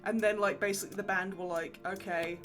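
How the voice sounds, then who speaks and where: A young woman hosts a livestream and chats casually as she plays, telling animated stories full of swearing and laughter. Her voice sits at a medium pitch and runs a little fast, with music playing in the background.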